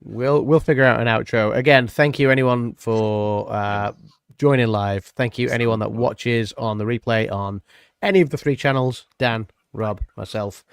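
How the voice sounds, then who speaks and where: A man co-hosting a casual livestream chat in a relaxed, easygoing way. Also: mid-range voice, moderate pace, clean tone, dry recording. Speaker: podcast co-host.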